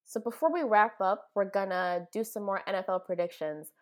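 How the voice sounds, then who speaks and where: A woman co-hosting a casual sports talk show, speaking with animated, dramatic emphasis. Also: mid-range voice, normal speed. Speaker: co-host.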